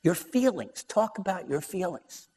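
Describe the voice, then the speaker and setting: A man's voice: high voice, animated, unhurried, warm tone, pitched above the performer's own voice. A man doing an outgoing, coaxing wife. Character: vivacious outgoing wife in a story.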